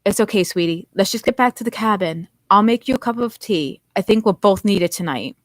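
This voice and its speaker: A caring middle-aged man, teasing at times and soothing at others, read by a woman in her own voice. The recording is dry and close, with no room sound. He fusses over his friend with easy warmth. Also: medium pitch, lively intonation, a little fast, no room sound, lightly acted. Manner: warm, fussing, teasing tone.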